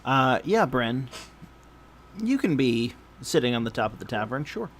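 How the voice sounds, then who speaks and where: Slow, hesitant man running the game. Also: medium pitch, very animated, fairly bright tone, a little hiss or hum. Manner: hesitant, many fillers. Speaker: game master. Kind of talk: narrating a tabletop game.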